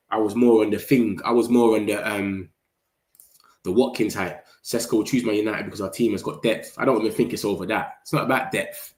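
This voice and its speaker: A man, talking excitably in slang as a football fan streamer and reacting to his chat. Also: on the low side. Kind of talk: casual livestream commentary. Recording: roomy echo.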